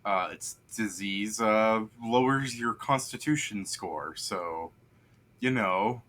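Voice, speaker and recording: A man's voice: on the low side, slow pace, fairly bright tone, a little hiss or hum. A man acting as game master, narrating a tabletop game casually and rambling with lots of fillers.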